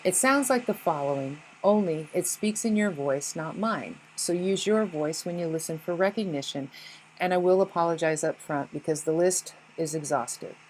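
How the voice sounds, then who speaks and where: A woman with a fairly low voice delivers a scripted spiritual talk in an earnest, blunt manner. She drops in an occasional curse word. A faint noise sits under the recording. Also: normal speed, darkish tone, poor audio. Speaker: spiritual speaker.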